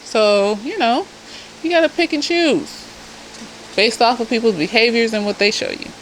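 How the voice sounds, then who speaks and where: A woman with a fairly high voice talks straight into her own camera. She is reviewing a TV episode as a therapist. She sounds animated, blunt and freely profane, and she keeps wandering into asides, with a faint hum of room ambience behind her. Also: normal speed, low-quality recording. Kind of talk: casual review chat. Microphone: self-filmed camera.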